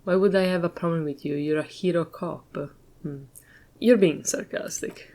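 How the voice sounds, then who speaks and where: A woman's voice: fairly low pitch, normal speed, mellow, lightly acted. A woman reading the lines of a sarcastic, grumpy male hostel manager from a video game aloud. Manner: sarcastic, scolding.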